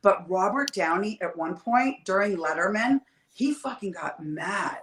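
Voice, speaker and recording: Profane, animated woman telling stories. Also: medium pitch, roomy sound, a little hiss or hum, poor audio. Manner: profane, animated, quick storytelling. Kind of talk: casual storytelling chat. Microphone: livestream video call.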